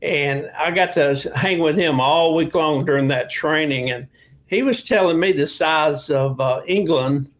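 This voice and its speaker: A man from Nashville, Tennessee, telling a story in a halting, conversational way. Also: fairly high pitch. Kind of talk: casual interview chat.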